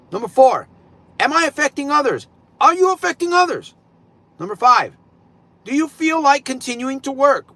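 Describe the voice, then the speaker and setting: A man's voice: extremely high pitch, sharp tone. A middle-aged man hosting a livestream in casual, rambling talk, repeating himself for emphasis. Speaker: livestream host.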